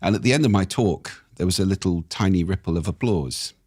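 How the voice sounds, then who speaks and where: A man speaking as a guest on a podcast, explaining ideas with an expressive, animated delivery. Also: fairly quick, no echo, clean studio sound. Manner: expressive, animated delivery with wide pitch swings. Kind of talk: interview conversation.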